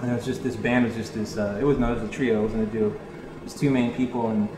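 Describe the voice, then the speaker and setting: A man telling a rambling tour story in casual chat, animated, swearing freely and laughing as he talks. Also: mid-range voice, quick pace. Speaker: interview guest, touring musician. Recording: echoey room.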